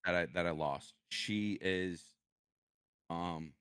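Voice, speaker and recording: A man, a podcast guest, talking about his past in halting sentences and often repeating his words. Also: low voice, a bit bright, clear, resonant tone, dry recording, studio quality. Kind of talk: personal interview conversation.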